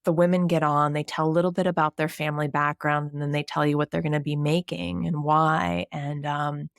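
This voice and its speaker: A woman from New Jersey, a writer, chatting casually as a podcast guest in a relaxed, talky way. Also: deep voice, brisk, creaky, dry recording, studio quality. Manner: chatty, relaxed, many "you know"s.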